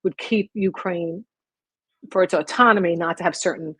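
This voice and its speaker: Eager woman podcast host, husky voice. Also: on the low side, fairly bright tone, no room sound, low-quality recording. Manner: eager, talks in quick bursts with restarts. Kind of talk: casual interview chat.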